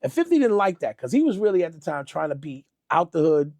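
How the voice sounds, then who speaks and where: A man's voice: on the high side, sing-song, fast, a little mellow, no echo. A middle-aged man, a music producer guest, telling stories in a casual interview and acting out the quotes with animation.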